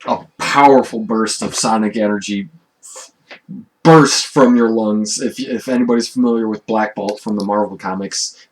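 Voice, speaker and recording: A man's voice: lowish voice, steady tone, moderate pace, low-quality recording. A man running a tabletop game as game master, describing the scenes in an easygoing way and laughing often. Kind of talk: narrating a tabletop game over voice chat.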